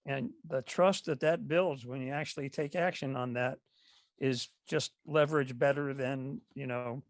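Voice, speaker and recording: Gravelly older man on a call. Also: mid-range voice, steady tone, no echo. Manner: reflective, rambling with pauses. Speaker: call participant. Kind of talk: Zoom meeting comment. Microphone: video call.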